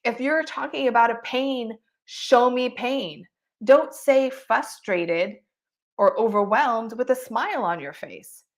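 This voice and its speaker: A woman's voice: a little high, slow pace. A woman teaching an online marketing coaching session, talking expressively and with emphasis, often laughing between points. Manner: expressive, emphatic, acts out examples.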